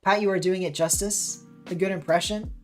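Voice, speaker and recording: A woman's voice: lowish voice, fairly even intonation, normal speed, soft background music. Chatty American woman streaming a game. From United States. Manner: chatty, reacting to gameplay and chat. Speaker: streamer and caster. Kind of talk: casual live-stream chat while playing.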